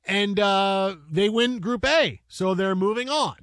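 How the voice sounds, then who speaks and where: A man hosting a casual sports talk show, animated, with mock-dramatic outbursts. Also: high-pitched, slow pace, no room sound.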